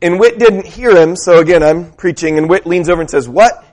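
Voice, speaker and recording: A man preaching a sermon, telling a story in a relaxed, conversational way and putting questions to the congregation. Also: sits high, a little fast.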